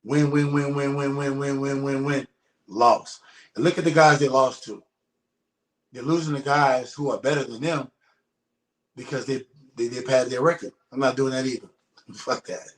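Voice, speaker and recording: Mid-range in pitch, steady and at normal speed, this man leaves long pauses as he talks. He's a retired professional boxer in a casual interview, blunt, emphatic and frequently profane, recorded in an echoey room.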